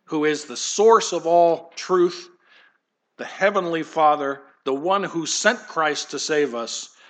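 A man's voice: on the high side, takes it slowly. Conversational male pastor preaching. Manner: conversational, digressive, addresses kids and congregation directly. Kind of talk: sermon. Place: church.

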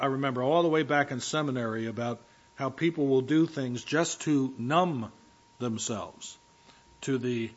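A man preaches as pastor in a church, speaking in a chatty, direct way to the people in front of him. His voice sits at an ordinary middle pitch. The recording is dull and lo-fi. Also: fairly bright tone. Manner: conversational, addresses the congregation directly. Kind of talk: sermon.

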